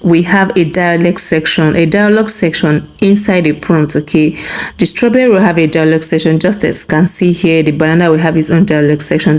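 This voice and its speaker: A woman hosting a software tutorial, walking through steps and often checking in with a quick "okay?". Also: on the low side. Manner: instructive, tags remarks with "okay?". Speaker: tutorial host. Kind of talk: screen-recorded software tutorial.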